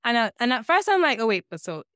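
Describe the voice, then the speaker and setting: A young woman co-hosting a podcast, chatting casually about a reality show and reacting quickly. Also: on the high side, big pitch swings, fairly bright tone, clear, resonant tone, no echo, studio quality. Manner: agreeable, backchannels and quick reactions. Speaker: podcast co-host.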